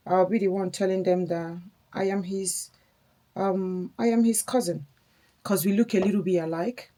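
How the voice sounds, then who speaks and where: A woman's voice: on the low side, darkish tone. Candid young woman, rambling vlog chat. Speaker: vlogger. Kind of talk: casual get-ready-with-me storytelling.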